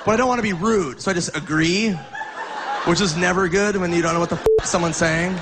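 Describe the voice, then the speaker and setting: A man's voice: high voice, brisk, noisy background. A man doing stand-up, telling a story in a loose, laughing way and acting out voices. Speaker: stand-up comedian.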